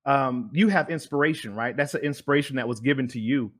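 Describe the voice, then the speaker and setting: Guy host rambling along in a casual chat, medium pitch, lots of uh and um. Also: fast talker, a bit bright. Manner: rambling, repeats words, many fillers. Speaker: podcast host.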